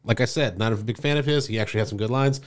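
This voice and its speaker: A man's voice: mid-range voice, rapid-fire. Man animatedly critiquing a movie. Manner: animated, acts out quoted lines, laughs often. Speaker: podcast co-host. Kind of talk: casual movie review chat.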